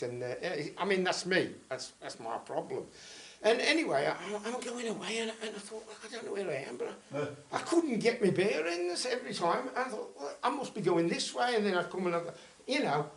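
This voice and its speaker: A man with a Black Country accent telling a rambling, self-deprecating story at a folk club, full of asides. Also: high voice.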